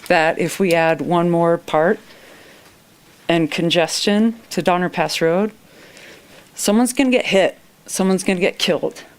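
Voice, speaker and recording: Plain-spoken woman with a smooth, low voice. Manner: plain-spoken, worried, with folksy phrases. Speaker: public commenter. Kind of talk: public comment at council meeting. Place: town council chamber.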